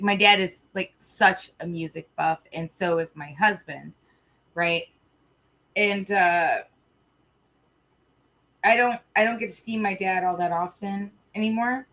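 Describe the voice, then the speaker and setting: A woman's voice: on the low side, gravelly, bright, forceful tone. A woman live streamer chatting casually, rambling, swearing freely and restarting sentences, a little emotional.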